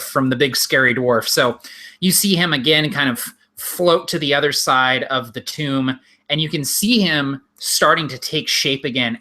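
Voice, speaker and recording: A young man acting as game master, explaining rules briskly and describing the action, laughing often. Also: medium pitch, pushed and bright. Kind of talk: narrating a tabletop game.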